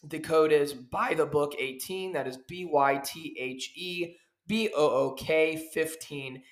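On his solo podcast, a professional wrestler rants in a mid-range, fairly bright voice, preaching heatedly and driving the same points home over and over. His recording has an echoey room sound.

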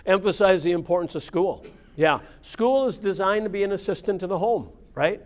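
A man with a somewhat high voice teaches an informal Bible class. He explains scripture in a relaxed, conversational way and keeps checking in with his listeners through "right?" and "yeah.". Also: moderate pace. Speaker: Bible study leader.

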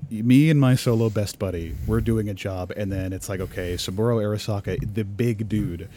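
A man co-hosting a podcast who talks in a low voice. He explains his point earnestly, restarting and swearing now and then. Faint noise hums behind him. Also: moderate pace, dark tone. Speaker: podcast co-host. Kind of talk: casual chat.

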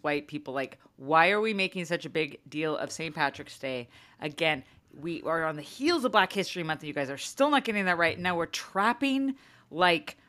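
A woman in her thirties or forties on a podcast, telling a story in a casual, sarcastic, animated way with lots of "like". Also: on the low side. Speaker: podcast co-host. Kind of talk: casual chat.

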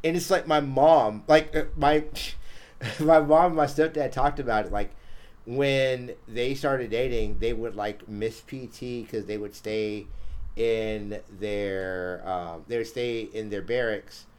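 A man's voice: mid-range voice, fairly even intonation, slow, darkish tone. A man hosting a podcast in casual chat, rambling with fillers and restarts. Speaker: podcast host.

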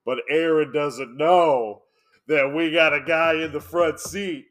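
A man telling a story in casual chat, animated, swearing freely, often breaking into laughs. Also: a little high, slow.

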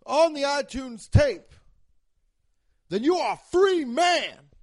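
A man's voice: very high-pitched, big pitch swings, takes it slowly, dry recording, studio quality, voice pushed up, exaggerated voice. A man voicing a blustering, pompous male courtroom judge who bellows his rulings in a theatrical, bombastic way. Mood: menacing, mock-solemn.

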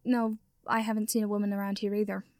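A woman's voice: mid-range voice, level tone, fast, darkish tone, dry recording, clean studio sound, lightly acted. Woman voicing a flustered young wizard. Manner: startled, protesting. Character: flustered young male wizard, jumpy and earnest.

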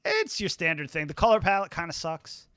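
A man hosting a podcast in casual chat, swearing freely and acting out scenes with quick quoted voices. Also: fairly high pitch, huge pitch swings, pushed and bright, clear, resonant tone, no room sound, clean studio sound. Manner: profane, rambling, acts out scenes in quotes. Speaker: podcast host.

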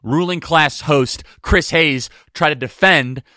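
A man hosting a political talk show, speaking in an emphatic, quick and combative way. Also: on the high side, pushed and bright, dry recording, clean studio sound. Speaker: podcast host. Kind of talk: opinionated political commentary.

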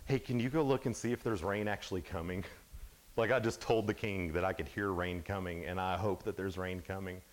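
A man's voice: sits low, fairly even intonation, fairly quick, voice pushed down, close to an everyday voice. A man voicing the prophet Elijah as an anxious, jittery figure who talks in a casual, unsure way while retelling a story. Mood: nervous.

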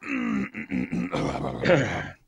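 Lively, wry man co-hosting a podcast. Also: low voice, extremely slow, vocal fry, husky, dry recording. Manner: wry, dry quips and reading listener questions. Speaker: podcast co-host. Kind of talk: casual podcast chat.

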